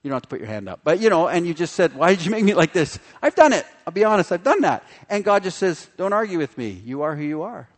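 A man's voice: on the high side, fast, few pauses. Preacher man in a reverberant hall. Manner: animated, acts out the figures' voices in quotes. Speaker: pastor. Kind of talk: sermon.

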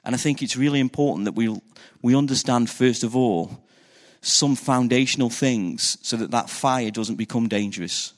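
Pastor preaching in a reverberant hall. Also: male voice, mid-range voice, normal speed. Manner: conversational preaching with rhetorical questions to the congregation. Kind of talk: sermon. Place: church hall.

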